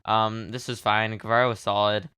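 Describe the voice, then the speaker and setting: A man's voice: lowish voice, flat delivery, normal speed, bright, forceful tone, clean tone, dry recording. A man co-hosting a wrestling podcast, chatting casually in a rambling, joking way and laughing easily. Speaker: podcast co-host. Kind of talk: casual wrestling recap chat.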